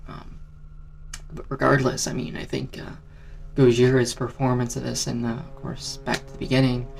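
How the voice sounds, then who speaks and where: A man casually ranking favourite songs in a rambling vlog, keeping his voice down, swearing and filling pauses with ums. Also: medium pitch, gravelly, darkish tone. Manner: keeps voice down on purpose. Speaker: music video creator.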